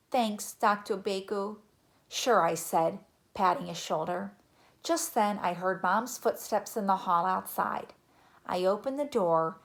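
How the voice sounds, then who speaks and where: A woman narrating a children's chapter book in a gentle, even reading voice. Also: medium pitch, vocal fry. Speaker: audiobook narrator. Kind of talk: storybook narration.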